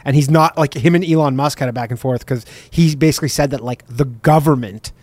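A man's voice: medium pitch, brisk, a little mellow, dry recording. A man co-hosting a comedy podcast, telling stories in casual banter with lots of fillers and swearing. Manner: chatty, swearing, filler-heavy storytelling. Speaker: podcast co-host.

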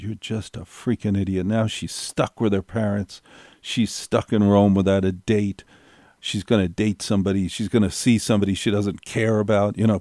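Recorded in a clean studio with no echo, a mellow, lowish-voiced middle-aged man relates a personal anecdote. His telling is wry and digressive, built up through circling back and repeating key phrases.

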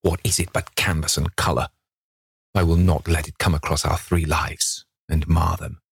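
A man's voice: extremely low pitch, little pitch movement, moderate pace, creaky, husky, dry recording, clean studio sound, full character voice. A man reading an audiobook and voicing an earnest, devoted painter who speaks in a wounded, sincere way. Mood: exasperated.

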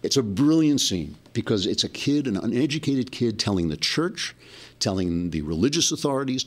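A male host giving an impassioned monologue commentary, often restarting his sentences. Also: medium pitch.

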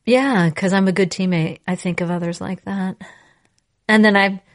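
A woman's voice: mid-range voice, normal speed. Playful woman podcast co-host. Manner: playful, laughing, animated storytelling. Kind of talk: casual chat.

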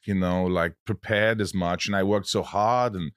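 A man hosting a casual podcast chat, animated and joking as he riffs. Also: low-pitched, no echo, clean studio sound. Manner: animated, joking, quick to riff.

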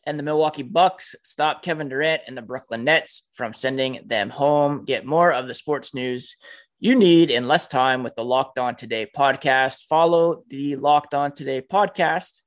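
A man's voice: mid-range voice, unhurried. A man hosting a podcast from home, reading an ad and then chatting casually. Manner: easygoing, chatty. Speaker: podcast host. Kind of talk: ad read and casual chat. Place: home with children nearby.

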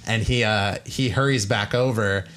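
A man's voice: lowish voice, steady tone, normal speed, fairly bright tone. A man narrating a tabletop game as game master, loose and full of fillers.

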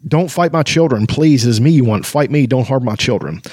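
A man voicing an ancient, weary female dragon with a husky, sleepy voice, reading from a fantasy novel. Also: mid-range voice, fairly quick, a little mellow, no echo, clean studio sound, close to an everyday voice. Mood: pleading.

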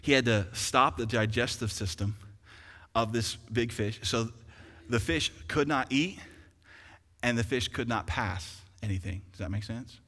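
A man pastor preaching a sermon, swinging from quiet explaining to loud fervent peaks in a church. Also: mid-range voice, a little slow. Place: church sanctuary. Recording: long hall reverb.

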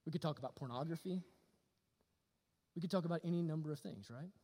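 A man preaching a sermon, animated, swinging from loud to hushed. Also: fairly high pitch, fast talker. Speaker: pastor. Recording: long reverb of a hall.

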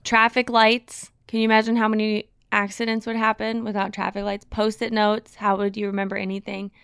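A woman's voice: mid-range voice, completely flat delivery, a little fast, vocal fry, a bit bright, clean tone, no room sound. A woman from Kentucky hosting a casual podcast chat, joking and laughing often. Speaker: podcast host.

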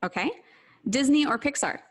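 A woman hosting a podcast interview, asking brisk quiz-style questions and laughing often. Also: sits high, expressive, slightly rough. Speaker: podcast host. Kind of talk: casual interview.

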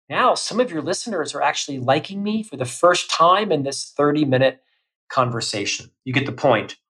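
A middle-aged man, a guest on a podcast, talking loudly and emphatically in energetic bursts of lists. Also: medium pitch, low-quality recording. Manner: loud, emphatic, listing in bursts. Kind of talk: energetic interview talk.

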